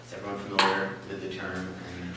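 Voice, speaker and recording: A man telling a comic personal story at a live story slam, halting and full of fillers, with a wry, self-mocking manner. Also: low voice, monotone. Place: small live venue with an audience. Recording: echoey room, mic far off, faint hiss.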